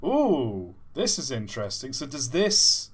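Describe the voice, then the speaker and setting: A man's voice: mid-range voice, animated, a little slow. A man streaming a game live, thinking aloud as he plays and joking with his chat. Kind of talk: live gameplay commentary.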